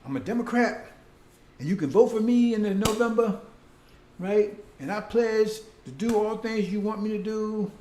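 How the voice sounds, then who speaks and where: A stern, boastful male savior figure, as a preacher puts him on, declaiming loudly and emphatically. The voice sits fairly high but sounds mellow and dark in tone. It carries a roomy echo around it. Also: normal speed, slight background noise, close to an everyday voice. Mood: mocking.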